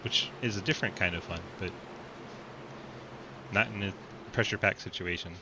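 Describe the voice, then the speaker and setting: A fairly low-pitched man gives relaxed play-by-play for an online racing broadcast. He jokes between calls and laughs often. His voice sits over a steady layer of background noise. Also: normal speed. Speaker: race commentator. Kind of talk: sim racing play-by-play commentary.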